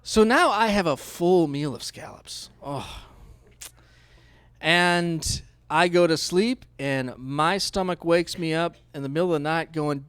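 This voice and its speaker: A man pastor preaching a sermon in a conversational, storytelling way, swinging between hushed asides and loud outbursts. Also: fairly high pitch, moderate pace, smooth, no echo.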